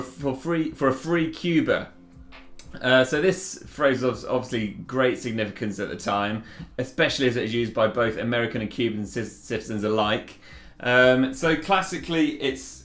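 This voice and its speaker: A man hosting a relaxed cocktail demonstration, chatting casually as he makes a drink. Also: mid-range voice, roomy sound. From Yorkshire, England. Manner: chatty and relaxed, with fillers and restarts. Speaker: bartender host.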